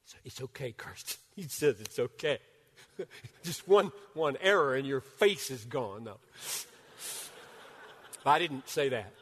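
An older man preaching a sermon as a pastor. He swings from loud, urgent bursts down to hushed near-whispers. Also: mid-range voice, animated, slow pace, pauses often. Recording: long hall reverb.

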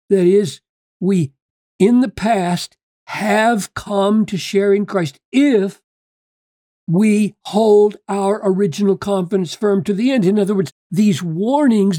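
An earnest preacher delivers a sermon in a slow, unhurried cadence, reading scripture and unpacking it point by point. The voice is mellow and dark, and the recording is dry and close, with no room sound. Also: mid-range voice, no echo. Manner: earnest, emphatic preaching with rhetorical questions; reads scripture aloud and explains it point by point.

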